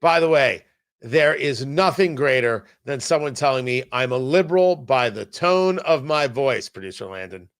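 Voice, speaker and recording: A man's voice: mid-range voice, lively intonation, normal speed, a bit bright. A man hosting a political commentary show, sarcastic and exasperated, often stumbling over restarts. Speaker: talk show host.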